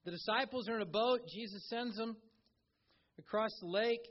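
A pastor delivers a sermon in a relaxed, conversational way, dropping into little acted-out quotes as he goes. His voice sits very high for a man. The recording sounds dull and lo-fi. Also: moderate pace.

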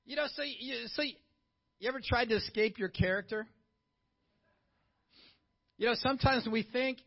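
High-voiced conversational preacher man, lo-fi. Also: normal speed, vocal fry. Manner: conversational, animated preaching with rhetorical questions. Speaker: pastor. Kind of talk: sermon. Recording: dull lo-fi sound.

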